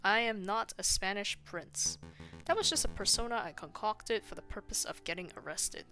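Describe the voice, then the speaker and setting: A woman reading a suave male fox schemer aloud from a game, smooth and grandiose. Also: mid-range voice, moderate pace, sharp tone, soft background music, lightly acted.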